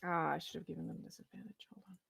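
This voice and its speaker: Low gravelly woman running a game. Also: fairly even intonation, racing, fairly bright tone, no echo. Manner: amused, laughs at outcomes. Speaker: game master. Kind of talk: running a tabletop game online.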